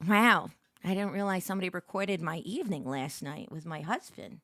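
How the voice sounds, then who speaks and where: A woman's voice: fairly low pitch, lively intonation, fairly quick, a bit bright, no echo. A woman hosting a casual reaction stream, giggly and playful as she chats. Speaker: streamer host.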